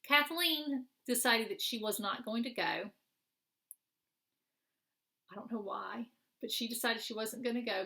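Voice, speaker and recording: A woman's voice: mid-range voice, sharp tone. A middle-aged woman chatting casually as a craft vlogger, showing off her purchases in a rambling, friendly way with many fillers and restarts. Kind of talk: casual show-and-tell chat.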